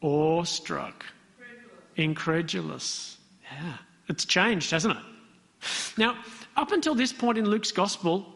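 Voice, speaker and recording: Male preacher, conversational and questioning, slightly high voice, echoing hall. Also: a bit bright. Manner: conversational, asks the congregation questions. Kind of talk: interactive sermon. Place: church hall. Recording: long hall reverb.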